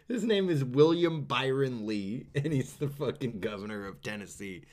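A man co-hosting a casual talk show, playful and pitching sketch ideas. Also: lively intonation, moderate pace, hardly any pauses, a little mellow. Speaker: podcast co-host. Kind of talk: casual chat.

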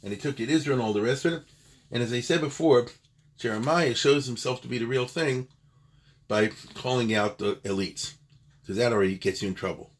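A man's voice: mid-range voice, fairly quick, slightly rough. Man giving a digressive Torah class. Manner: conversational and digressive, often asking "right?". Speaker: Torah teacher. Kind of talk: informal Torah class lecture.

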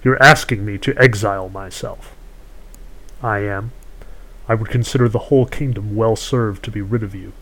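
A man's voice: lowish voice, normal speed, a bit bright, low-quality recording. Man doing a firm, proud young princess; storybook heroine. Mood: defiant. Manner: firm, accusing.

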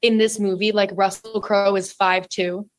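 A woman's voice: medium pitch, little pitch movement, moderate pace. Female co-host, matter-of-fact, recommends and explains. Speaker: podcast co-host. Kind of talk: casual chat.

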